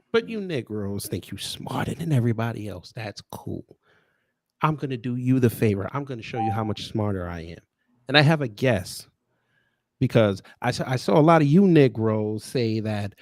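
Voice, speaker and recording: A man's voice: medium pitch, expressive, moderate pace, darkish tone, no room sound, clean studio sound. Heated, mocking man hosting a rant. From New York. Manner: heated, mocking, emphatic repeats. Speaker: host. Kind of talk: political talk show rant.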